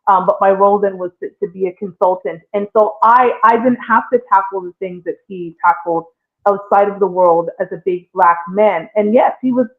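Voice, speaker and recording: Her mid-range voice keeps a fairly even intonation at a moderate pace as she hosts a casual podcast about relationships. The woman speaks expressively to listeners directly, and the audio has a tinny, phone-like quality.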